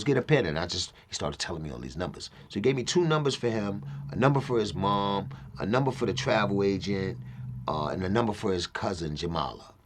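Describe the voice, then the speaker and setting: A man's voice: low voice, breathy edge. A middle-aged man telling a profane story in casual talk, acting out other people's lines. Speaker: interview guest.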